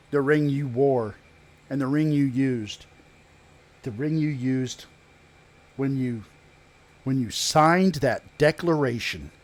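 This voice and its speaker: Measured male game master narrating. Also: mid-range voice, a little mellow. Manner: halting, measured narration with pauses and restarts.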